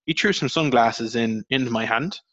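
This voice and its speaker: A young Irish man hosting a podcast, telling rambling, swearing stories with sudden high jumps in his voice. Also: moderate pace, no room sound, muffled recording. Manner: rambling, swears, animated storytelling with pitch jumps. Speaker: podcast host. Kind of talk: casual podcast chat.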